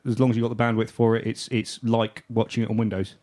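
Matter-of-fact British podcast co-host. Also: male voice, lowish voice, level tone, a little mellow. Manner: brisk, explains matter-of-factly. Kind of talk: casual chat.

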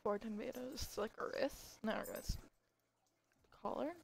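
A woman's voice: fairly high pitch, unhurried, vocal fry, slightly rough. A young woman streaming a game live, chatting casually with viewers, giggling and stumbling over her words. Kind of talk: casual live-stream chat while gaming.

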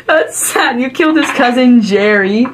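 A woman's voice: a little high, lively intonation, moderate pace, slight background noise. A woman chatting while watching a game, playful and teasing, often laughing. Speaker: co-host, gamer. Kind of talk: casual gameplay chatter.

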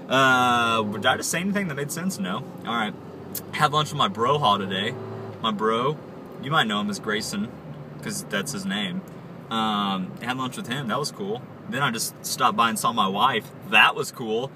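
A man's voice: on the low side, normal speed. Joking young man in a mock Aussie-British accent. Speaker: vlogger. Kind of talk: casual vlog. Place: inside a moving car. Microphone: phone held while driving. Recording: distant phone mic with road noise.

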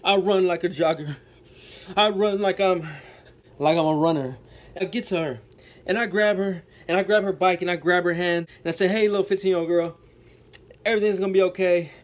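Speaking at a moderate pace, a man with a strikingly high voice tells his viewers a story-time tale with plenty of drama. He repeats lines for effect and keeps turning to address his audience as folks.

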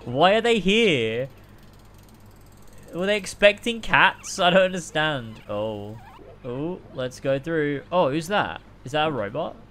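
A young man streaming a game, reacting excitedly, swearing and laughing often, and reading the game's dialogue aloud. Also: on the high side, takes it slowly. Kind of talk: gameplay reaction commentary.

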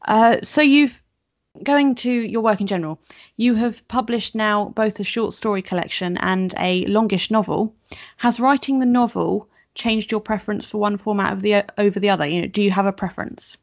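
A woman's voice: mid-range voice, normal speed, dry recording. A woman hosting a book podcast, asking an author questions in a hesitant way, with many fillers. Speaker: podcast host and book blogger. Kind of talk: interview questions. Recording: dull, dry recording.

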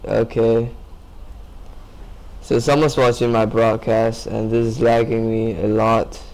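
A man's voice: on the low side, level tone, takes it slowly, darkish tone, rough recording. A sleepy young man commenting casually on his gameplay, rambling to himself and swearing. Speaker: gamer.

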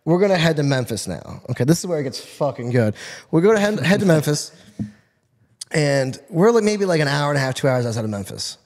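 A man's voice: fairly high pitch, brisk, big-room sound. A man from Florida, a podcast guest telling a rowdy story with lots of swearing. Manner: profane, animated storytelling. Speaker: podcast guest, car tuner. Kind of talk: casual storytelling.

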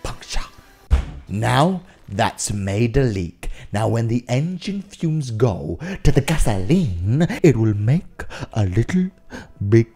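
A young man giving excitable, joking let's play commentary and swearing often. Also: mid-range voice, slow. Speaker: gaming YouTuber. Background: game music and sounds.

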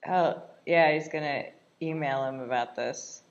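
A woman's voice: low-pitched, measured pace, dull audio. A woman casually commenting while she watches a movie, laughing often in a chatty, irreverent way. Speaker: vlogger reacting to a film.

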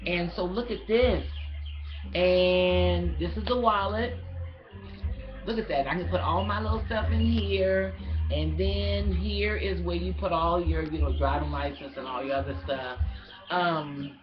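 A woman's voice: on the low side, steady tone, a little slow, lo-fi sound, over music. A woman vlogger in casual chat, emotional and gushing, often stumbling over her words with fillers.

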